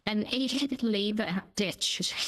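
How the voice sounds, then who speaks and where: Cheeky woman chatting while gaming. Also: mid-range voice. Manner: cheeky, jokey, rambling. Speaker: gaming streamer. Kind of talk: casual gameplay chat.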